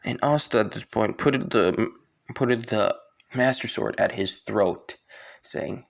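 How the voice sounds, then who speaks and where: Gravelly man casually retelling a story. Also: fairly low pitch, a little slow. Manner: rambling, loose retelling. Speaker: fan fiction narrator.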